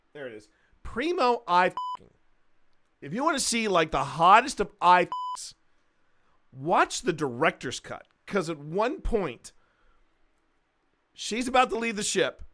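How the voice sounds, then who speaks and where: A man hosting a livestream, chatting casually and rambling, with loud bursts of laughter. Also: fairly high pitch. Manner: quotes films in a gruff mimic voice. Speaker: livestream host.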